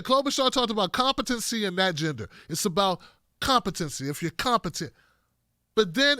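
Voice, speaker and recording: A man with a high, bright, ringing voice delivers blunt, profane political commentary. He talks straight to his viewers and hammers his points home. The sound is close and dry, with no room around it. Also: smooth, no echo.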